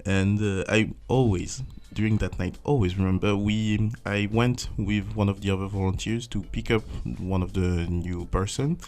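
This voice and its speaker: A man's voice: lowish voice, fairly even intonation, normal speed, few pauses, darkish tone. A young man from France with a French accent, a former volunteer, telling stories in a casual interview and acting out his own past thoughts in swooping voices.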